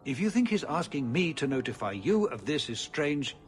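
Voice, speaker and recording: An actor playing a weary, cautious older city ruler who speaks in a measured, formal way, in video game dialogue. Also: male voice, on the high side, big pitch swings, a little hiss or hum. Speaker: city ruler addressing the hero.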